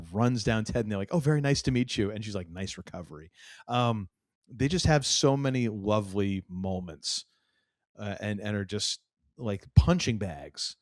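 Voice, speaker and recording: A man's voice: on the low side, dry recording, studio quality. A man co-hosting a podcast, chatting casually and enthusiastically about a TV show, acting out quotes and laughing often. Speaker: podcast co-host. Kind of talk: casual TV recap chat.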